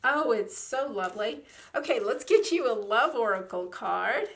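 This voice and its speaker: A woman's voice: fairly high pitch, lively intonation, normal speed. A woman giving a tarot reading, gushing and effusive, with many fillers as she talks. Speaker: tarot reader.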